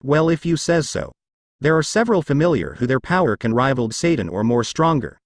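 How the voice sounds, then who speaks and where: A man's voice: mid-range voice, sing-song, a little fast, no room sound, clean studio sound. A man reading aloud as a firm young noblewoman who leads a demon group.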